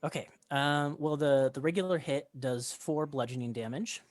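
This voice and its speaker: A man running a tabletop game as game master, narrating in a relaxed way with lots of fillers. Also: fairly high pitch, normal speed.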